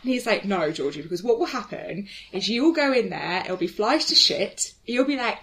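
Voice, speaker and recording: A woman's voice: on the high side, moderate pace, hardly any pauses. A woman co-hosting a podcast, chatting casually and acting out the voices in her story. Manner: animated storyteller who acts out quoted voices. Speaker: podcast co-host. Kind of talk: casual chat.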